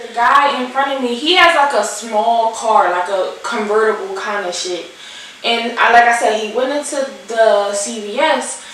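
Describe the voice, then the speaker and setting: A young woman, animated and swearing, acting out the people in her storytime vlog while she does her makeup. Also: on the high side, normal speed, distant mic. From Philadelphia. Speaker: vlogger. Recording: echoey room, off-mic, faint hiss.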